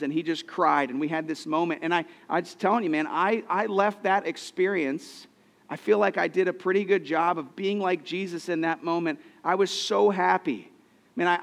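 A man's voice: sits high, in a large hall. A man in his thirties preaching a sermon, telling personal stories in an earnest way, often restarting his sentences. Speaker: pastor.

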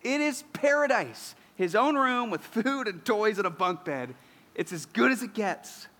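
A man in his thirties delivering an earnest sermon, his voice pitched high for a man. He builds steadily toward emphatic, declarative lines. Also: lively intonation, unhurried, pushed and bright, long reverb tail. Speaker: pastor.

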